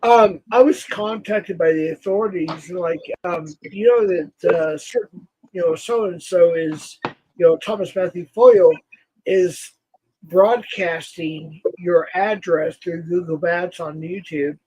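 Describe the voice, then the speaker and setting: Guy on a live stream talking real slow, stumbling and restarting a lot. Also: high-pitched, darkish tone, low-quality recording. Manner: slow, halting, many restarts and fillers. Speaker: livestream guest. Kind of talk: casual live-stream chat.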